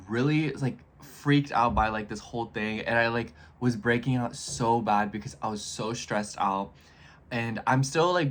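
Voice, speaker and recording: A man in his twenties chatting casually in a vlog, rambling and animated as he speaks straight to his viewers. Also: mid-range voice. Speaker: astrology YouTuber.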